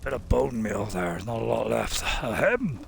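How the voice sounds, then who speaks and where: A man voicing a gruff, blunt male dwarf warrior with a put-on Scottish accent, commenting in character while playing a game. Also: mid-range voice, big pitch swings, normal speed, a little hiss or hum, voice pushed down. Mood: grim. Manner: plain-spoken, grumbling in-character remarks.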